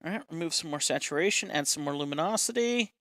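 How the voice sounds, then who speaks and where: A man's voice: fairly high pitch, animated, fast talker, bright, forceful tone, no room sound, clean studio sound. A man casually chatting on a live stream while demonstrating a caricature drawing step by step, self-deprecating and talkative.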